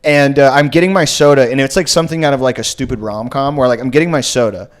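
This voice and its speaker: A man on a comedy podcast, telling a long story in a loose, rambling way. He swears often and fills his speech with "like", and his voice sits at an ordinary middle pitch for a man. He sounds like he is talking into a studio mic. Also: quick pace. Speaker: podcast host. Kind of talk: casual comedy podcast chat.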